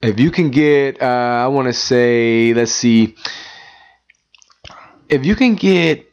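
A man's voice: medium pitch, takes it slowly, clean tone. A man co-hosting a sports radio show, giving teasing banter and team analysis. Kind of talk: casual sports talk. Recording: dull, lo-fi radio recording.

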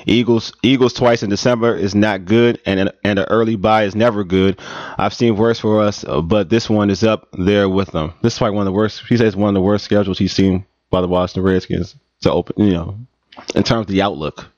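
A man's voice: lowish voice, steady tone, fairly quick, darkish tone, no room sound. A man co-hosting a casual sports radio show, joking and laughing often. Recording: dull, lo-fi radio recording.

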